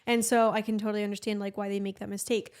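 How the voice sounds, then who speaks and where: A young Argentinian woman, a native Spanish speaker, co-hosts a podcast in casual chat, patiently explaining things and thinking aloud with fillers. Her medium-pitched voice is level in tone, slightly mellow and clean, and she talks rapid-fire.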